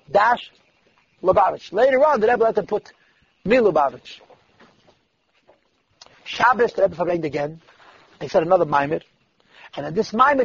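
A man's voice: high voice, gravelly, husky. A man telling stories at a religious gathering in a sermon-like way, acting out the people he quotes. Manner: lively storyteller who voices the people he quotes. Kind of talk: sermon-like storytelling. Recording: dull lo-fi dry recording.

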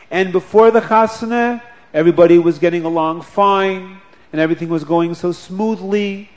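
A man voicing an elderly revered rebbe who speaks slowly and with authority. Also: high voice, a little mellow, natural voice. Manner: slow, measured and commanding.

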